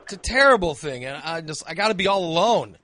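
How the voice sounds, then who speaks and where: A man hosts a call-in chat with a high voice that swings about animatedly. His tone is bright and forceful, close and dry, and he teases his caller bluntly with crude humor. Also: expressive, quick pace, a little hiss or hum. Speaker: host.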